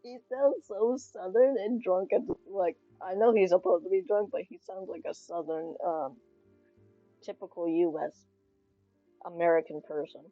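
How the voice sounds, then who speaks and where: A young woman streaming and reacting to a game, laughing, loud and swearing in casual commentary. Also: fairly low pitch, normal speed, no echo, highs cut off, faint music behind.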